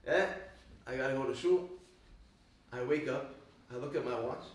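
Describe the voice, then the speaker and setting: A man teaching a Torah class to a live group, telling animated stories and quizzing the audience. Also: mid-range voice, moderate pace. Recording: echoey room, voice from far off.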